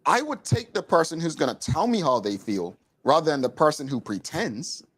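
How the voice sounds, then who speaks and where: A man's voice: on the high side, very animated, normal speed, fairly bright tone, slightly rough. A Bermudian man hosting a talk show, speaking in an emphatic, opinionated, casual way from a studio.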